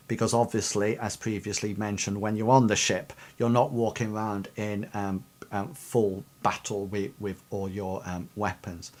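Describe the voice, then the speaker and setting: Male game master, narrates a fantasy tabletop session, halting and rambling delivery. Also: fairly low pitch, darkish tone. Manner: rambling, many ums and sort-of-likes.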